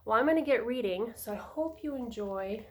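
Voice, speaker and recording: A woman who is a preschool teacher, reading a picture book aloud to young children in a slow, sing-song storytelling voice. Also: fairly high pitch, lively intonation.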